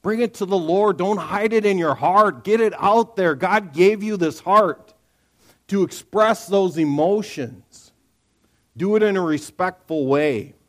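A man preaching a sermon to a church congregation, his voice sitting a touch high. He talks in a lively, joking way and now and then breaks into a sudden loud outburst. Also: a little slow. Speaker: pastor.

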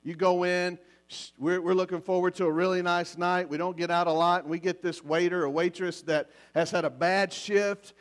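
A man preaching a sermon as pastor, acting out little scenes with lively voices to make his points. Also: high-pitched, moderate pace, hardly any pauses. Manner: animated, acts out little scenes. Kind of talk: sermon on marriage. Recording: mains hum.

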